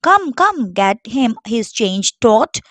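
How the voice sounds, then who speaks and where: A woman voicing a middle-aged male shop proprietor who gushes and flatters a rich customer. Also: a little high, no room sound, full character voice. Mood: brisk. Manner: gushing, flattering, quick to bow and scrape.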